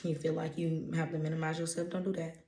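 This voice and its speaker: Woman, Louisiana accent, low-pitched, emphatic and preachy, echoey room. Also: little pitch movement, quick pace, mellow. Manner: emphatic, preachy, blunt with casual swearing. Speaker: intuitive energy reader. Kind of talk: motivational channeled-message vlog.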